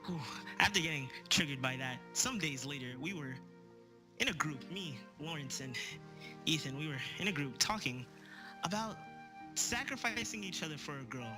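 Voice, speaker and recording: A young man telling a comedic story in a rambling, excitable, crude way. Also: fairly high pitch, moderate pace, music in the background.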